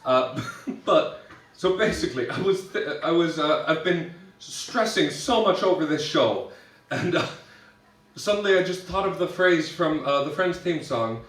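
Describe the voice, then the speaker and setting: A man's voice: fairly high pitch, animated, unhurried, a bit bright. A young adult man doing drag stand-up, telling chatty, self-mocking stories with lots of restarts and giggles. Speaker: drag performer. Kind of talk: stand-up storytelling. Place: live show venue. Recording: echoey room, voice from some distance.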